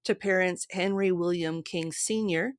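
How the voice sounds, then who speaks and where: A woman's voice: lowish voice, steady tone, unhurried, no echo, studio quality. A woman hosting a podcast, steadily reading from a script and long lists of sources. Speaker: podcast host.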